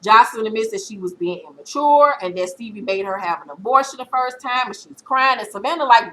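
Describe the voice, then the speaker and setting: A woman vlogger in her thirties giving a blunt, profane, animated recap of a reality show episode. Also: on the high side, a little fast, few pauses, rough recording.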